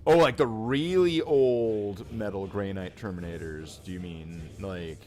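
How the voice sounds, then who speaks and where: A man's voice: on the low side, unhurried, music in the background. A man chatting casually while painting miniatures on a hobby stream, rambling and joking as he thinks aloud.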